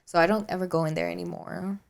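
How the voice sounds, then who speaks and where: A woman co-hosting a podcast, chatting casually with a friend and telling animated stories full of acted-out quotes. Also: fast, vocal fry, a little hiss or hum. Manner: animated storyteller, acts out quotes with high shrieks and laughter. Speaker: podcast co-host. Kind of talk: casual chat between friends.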